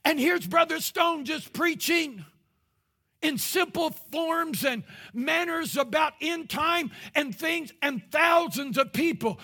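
High, bright-voiced preacher man. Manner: impassioned preaching, rising to shouts. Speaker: pastor. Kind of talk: sermon.

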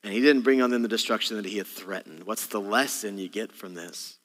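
A man's voice: lowish voice, fairly quick. A male senior pastor preaching a sermon, dramatic, acting out voices in sudden bursts. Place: church auditorium. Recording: long hall reverb, faint guitar behind. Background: soft guitar.

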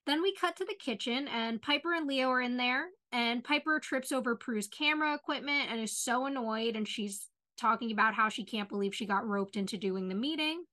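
A woman co-host with a bright, somewhat high voice chats about a show with lively opinions. She fills her talk with "like" and sounds eager and animated. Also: brisk, few pauses. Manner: animated, opinionated, says "like" often. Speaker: podcast co-host. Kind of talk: casual chat about a TV show.

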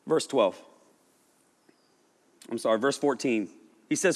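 A man preaching a sermon in a loose, animated, conversational way, often acting out voices. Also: mid-range voice, slow pace. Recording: echoey hall reverb.

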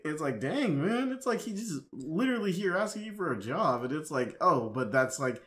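A man's voice: a little high, sing-song, fairly bright tone. Guy on a movie podcast, lots of restarts, casual chat. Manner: halting, many restarts and fillers. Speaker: podcast co-host.

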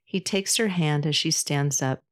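Calm, low-voiced woman narrator for a podcast storybook. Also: unhurried. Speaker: author and podcast host.

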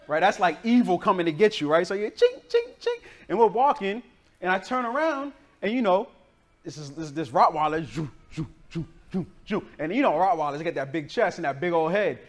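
A pastor originally from the northern United States tells a childhood story during his sermon, in a casual, slangy and animated style. His voice sits high and he talks a little fast.

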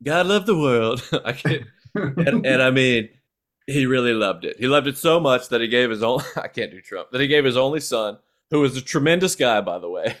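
A man doing a comic impression of a boastful older male politician, with a lowered, drawling cadence and repeated "folks". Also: animated, normal speed, a bit bright, lightly acted. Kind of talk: comic impression reading a parody text.

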